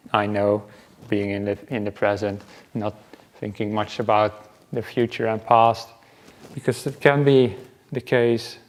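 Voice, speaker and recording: Easygoing male monk giving a talk. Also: mid-range voice. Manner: relaxed and conversational, chuckles often; unhurried, with halting pauses. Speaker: Buddhist monk and retreat teacher. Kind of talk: dharma talk at a meditation retreat. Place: meditation retreat centre.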